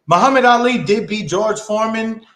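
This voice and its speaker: A man's voice: high-pitched, moderate pace, a bit bright, reverberant. A man co-hosting a political talk show, debating in casual slang with a sarcastic edge.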